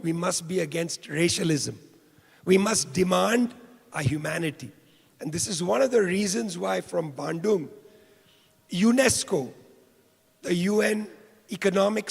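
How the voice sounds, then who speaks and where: A high-pitched, heavily gravelly older man from India delivers an impassioned public lecture. His husky, worn voice rings out in a long-echoing hall as he leans on repeated phrases. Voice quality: hoarse, rough voice. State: hoarse. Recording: reverberant hall.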